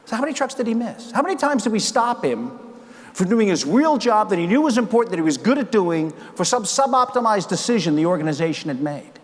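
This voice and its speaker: A man's voice: high-pitched, brisk. A man in his sixties, a keynote speaker, telling stories on stage and acting out the dialogue. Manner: animated storyteller acting out dialogue. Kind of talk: keynote speech storytelling. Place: large conference hall. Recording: long hall reverb.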